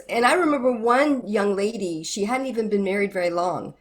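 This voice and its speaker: Her medium-pitched voice runs a little fast, with hardly any pauses. A middle-aged guest who ministers to married couples, she tells stories animatedly in a conversational interview and performs the conversations she quotes.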